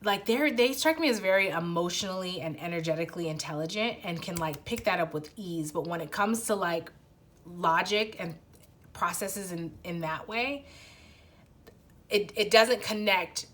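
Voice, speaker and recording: A woman's voice: on the low side, moderate pace, fairly bright tone. A young adult woman giving a casual pick-a-card tarot reading, talking to the viewer in a rambling way full of restarts and fillers. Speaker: tarot reader.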